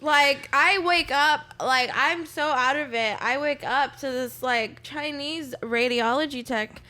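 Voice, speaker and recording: Young woman, podcast guest, casual chat, rambling storyteller, crisp bright tone. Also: sits high, slow. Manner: rambling storyteller, acts out her own lines. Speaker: bartender guest.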